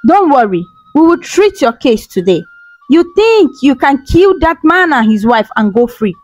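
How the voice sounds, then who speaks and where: A woman's voice: high voice, very animated, moderate pace, a little mellow, no echo, faint music behind. A woman with a Nigerian accent voicing a cruel young male gang leader who taunts coldly. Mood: menacing. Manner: taunting, cold.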